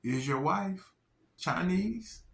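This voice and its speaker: Astonished woman doctor, as a man puts her on, high raised pitch, slow drawn-out questions. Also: animated, creaky, a bit bright, exaggerated voice. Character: surprised female doctor, middle-aged woman.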